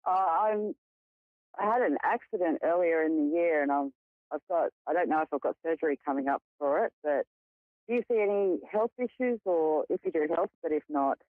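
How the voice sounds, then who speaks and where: A man calls in to a radio show and speaks hesitantly, stopping and starting. His voice sits fairly high. The sound is tinny and dry, like a phone line. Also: dry recording. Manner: hesitant, halting. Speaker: caller. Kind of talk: phone call-in.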